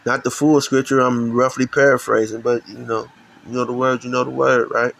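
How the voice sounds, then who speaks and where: Fairly quick and gravelly, with a slightly bright edge, a middle-aged Chicago channel host rants about religion with heat and profanity. His medium pitch barely moves as he stumbles and restarts sentences, captured on a rough recording.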